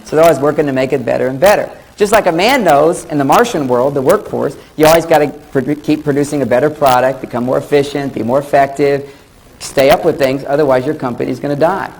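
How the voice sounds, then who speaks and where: A man's voice: on the high side, fast talker, rough recording. A middle-aged man giving a jokey relationship lecture to an audience, telling stories and acting out bits of dialogue. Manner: jokey, animated storytelling with acted-out dialogue. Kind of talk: comic lecture to a live audience. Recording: old VHS tape with faint background noise.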